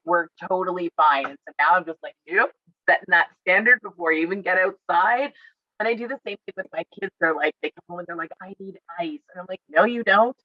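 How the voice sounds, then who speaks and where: A woman's voice: on the low side, no echo, muffled recording. A woman who works as an outdoor educator, casually telling stories and acting out her talks with kids, full of "like" and "I said.". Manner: lively storyteller who acts out dialogue with kids; frequent "like" and "I said" fillers. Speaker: outdoor educator at a field center. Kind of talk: casual storytelling in an online educator forum.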